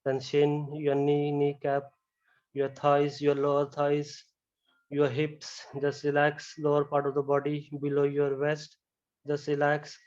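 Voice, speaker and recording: A man leading a guided yoga relaxation, talking slowly and calmly with many "you know"s. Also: a little high, muffled recording. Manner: slow, calm step-by-step guidance with frequent "you know". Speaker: yoga instructor. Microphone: camera mic.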